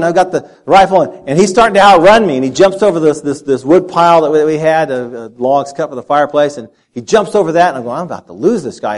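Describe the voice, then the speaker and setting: A middle-aged man from Texas preaching a sermon and telling a lively personal story, often repeating words as he goes. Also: a little high. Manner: animated storyteller, repeats words while speaking. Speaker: pastor.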